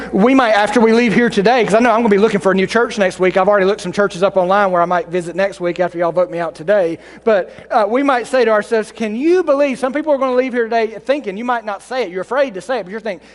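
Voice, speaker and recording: A male pastor delivering a sermon, swinging between mocking high voices and low, solemn ones, with self-deprecating humor. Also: fast, hardly any pauses. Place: church sanctuary. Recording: long hall reverb with mains hum.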